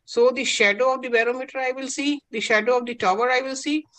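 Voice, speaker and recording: A man's voice: very high voice, steady tone, fast, fairly bright tone, poor audio. A woman voicing a clever, cheeky young male science student who patiently explains his answers. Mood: cheeky explaining.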